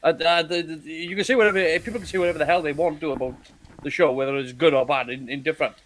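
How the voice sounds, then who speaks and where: A man co-hosting a casual chat about a TV series, talking in halting bursts with many restarts and repeated words. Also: fairly high pitch, steady tone, a bit bright. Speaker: podcast co-host.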